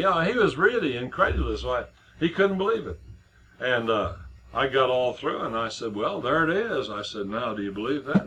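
A man's voice: medium pitch, very animated, moderate pace, sharp tone, a little hiss or hum, poor audio. A middle-aged man preaching a sermon in a conversational way, with many restarts and repeated words as he tells a story.

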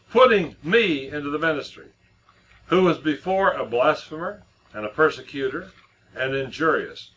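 A man's voice: a little high, lively intonation, normal speed, fairly bright tone, slight background noise, rough recording. A middle-aged man preaching a sermon in a conversational way, with many restarts and repeated words as he tells a story.

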